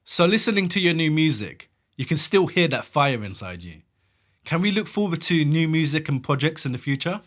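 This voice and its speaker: A male podcast host puts direct questions to his guest. His voice sits fairly high and moves about a lot as he speaks. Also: sing-song, moderate pace. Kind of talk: interview questions.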